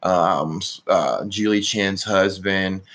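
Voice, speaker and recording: A man's voice: sits low, takes it slowly, a bit bright. A young man from Alabama hosting a podcast in casual chat, opinionated, swearing and trailing off mid-sentence. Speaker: podcast host.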